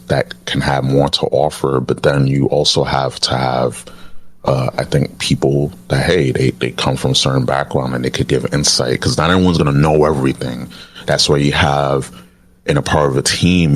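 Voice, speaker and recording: A man hosting a podcast in casual chat, talking in a halting way with many restarts, and saying himself that he can sound baritone. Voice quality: deep, says he sometimes sounds baritone. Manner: halting, restarts often, says cadence is key. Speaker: podcast host.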